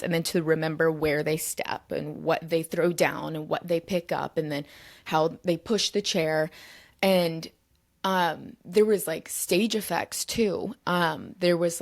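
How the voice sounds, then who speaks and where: A young woman hosting her podcast solo, in a casual storytelling flow. Her voice sits slightly low, and she talks in an animated, rambling way, full of fillers and the occasional swear. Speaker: podcast host.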